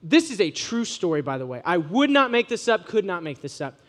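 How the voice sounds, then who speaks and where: A young man gives a relaxed, joking sermon to students. His voice sits fairly high, and he tells stories in an animated, offhand way. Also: brisk. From Ohio, USA. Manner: casual, joking, animated storyteller. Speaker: preacher to students. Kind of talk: sermon with humorous storytelling.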